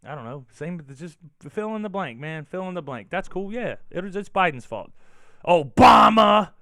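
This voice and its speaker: A man hosts his own show in loose livestream chat, rambling from one thought to the next and reacting to viewers with profane, animated energy. His voice sits a little high for a man, swings widely in pitch and has a sharp, bright edge. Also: normal speed, no echo, studio quality. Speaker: show host.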